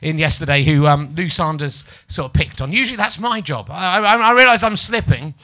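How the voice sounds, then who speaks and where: A bright, fairly high-voiced man in his forties from Yorkshire, with a light Yorkshire accent, hosting a live comedy podcast. He chats loosely and mocks himself while needling the audience. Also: lively intonation, a little fast. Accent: Yorkshire English. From Yorkshire, England. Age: 40s. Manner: chatty, self-mocking, teasing the audience. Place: small live venue with audience.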